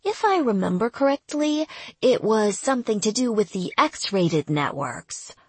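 A tough female sergeant barking commands, as a woman reads her. Her voice swings with lively pitch, breathy and close up in a dry room. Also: measured pace, no room sound, full character voice. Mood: commanding. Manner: forceful, commanding.

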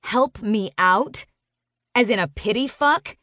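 A woman narrating a first-person romance audiobook in an expressive, sharp-tongued storytelling manner. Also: a little high, slow, dry recording, studio quality.

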